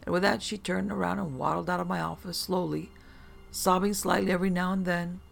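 Gravelly narrator telling a horror story. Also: medium pitch, level tone, brisk, faint music behind.

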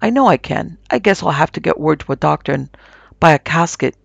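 A man voicing an old rural woman said to be half witch, calm, coaxing and folksy. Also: fairly high pitch, a little fast, creaky, breathy edge, no echo, dull audio, heavily acted. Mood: insistent.

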